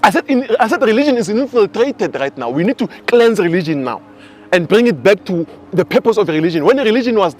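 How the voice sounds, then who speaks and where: South african guy in his 20s, pretty high voice, telling stories all animated, soft music behind. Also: fast talker. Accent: South African English. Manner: animated storyteller. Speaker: spiritual teacher. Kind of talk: casual spiritual teaching talk.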